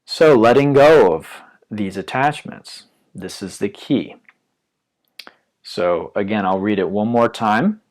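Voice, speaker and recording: A man giving a calm, reflective dharma talk as a yoga teacher, his phrases often trailing off softly. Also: on the low side, slow.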